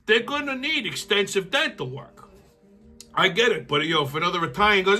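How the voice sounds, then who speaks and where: Male host, blunt and profane, fairly high voice with a sharp, forceful edge. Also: sing-song, normal speed, faint music behind. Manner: blunt, heated, swears constantly. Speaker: show host. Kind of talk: profane political commentary rant.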